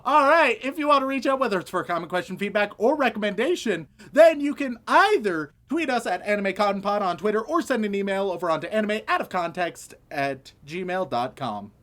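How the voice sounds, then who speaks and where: A man's voice: high voice, expressive, a little fast, hardly any pauses, a bit bright. A man co-hosting a casual comedy podcast, wry and profane as he hands out jokey tasks. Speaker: podcast co-host.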